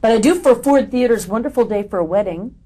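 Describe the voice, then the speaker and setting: A woman's voice: a little high, animated, fast, dark tone. A woman interviewer giving brief, matter-of-fact prompts and questions.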